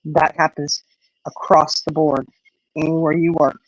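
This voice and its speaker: A woman's voice: low voice, little pitch movement, a little slow, no room sound, low-quality recording. A middle-aged woman hosting a casual livestream while out on a walk, rambling with lots of "you know" as she answers viewers. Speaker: livestream host. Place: outdoors on an evening walk.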